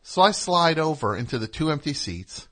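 A man's voice: fairly high pitch, big pitch swings, normal speed, bright, forceful tone. A man from New Jersey hosting a radio show, telling a rambling anecdote and acting out what people said. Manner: rambling anecdote with acted-out quotes. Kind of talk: casual storytelling chat.

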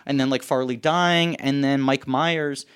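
A man in casual podcast chat, rambling through a story and leaning on fillers. His voice sits at an ordinary middle pitch. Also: steady tone, measured pace, fairly bright tone, clear, resonant tone. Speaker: podcast co-host.

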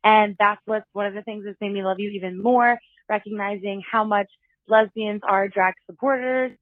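A woman's voice: medium pitch, steady tone, normal speed, dry recording. A woman leaving a heartfelt, earnest voicemail for a host. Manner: earnest, emotional. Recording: dry tinny phone voicemail.

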